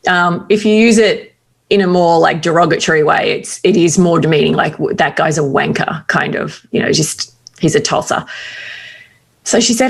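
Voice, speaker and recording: A middle-aged Australian woman telling personal stories candidly in casual conversation, with quick asides. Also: low-pitched, vocal fry, husky. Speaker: guest.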